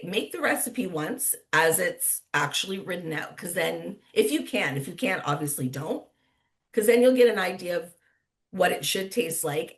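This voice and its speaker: A woman with a Canadian accent moderates an online cooking class as a casual livestream chat, staying chatty and upbeat and laughing often. Her voice sits on the low side and has a slightly bright quality.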